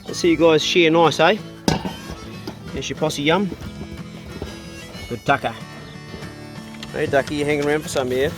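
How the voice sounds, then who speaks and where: A middle-aged man chatting casually on his farm and talking to his dogs in a relaxed way. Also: a little high, measured pace, long pauses, over music. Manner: laid-back, talks to his dogs. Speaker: vlogger. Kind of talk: casual chat. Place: farmhouse.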